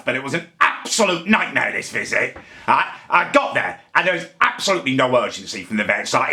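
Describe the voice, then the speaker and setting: A man's voice: mid-range voice, pushed and bright. A man vlogging casually to camera, ranting in exasperation and tagging his sentences with "right?". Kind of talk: casual vlog monologue.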